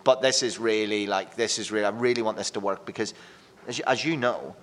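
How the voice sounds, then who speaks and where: A man, a radio presenter talking as a podcast guest, telling lively, rambling stories with casual swearing. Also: on the low side, fairly quick, long reverb tail. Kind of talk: casual chat.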